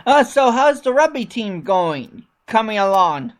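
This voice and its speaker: A woman's voice: fairly high pitch, big pitch swings, unhurried. A woman hosting a casual chat show, talking in a rambling, chatty way and often correcting herself. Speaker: podcast host.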